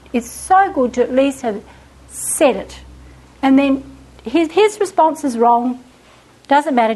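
A woman's voice: high voice, poor audio. An older woman giving an informal, enthusiastic teaching talk to women, often repeating words and acting out little quotes.

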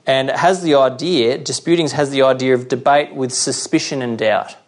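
A male preacher giving a sermon in a conversational way, reading scripture slowly and often checking in with "okay?". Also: mid-range voice.

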